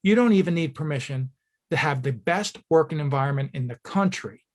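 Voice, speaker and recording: A man's voice: a little high, lively intonation, fairly quick. A man giving a motivational keynote to firefighters. He speaks directly to the audience, tells stories, acts out short quotes and asks rhetorical questions. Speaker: keynote speaker at a fire service training school.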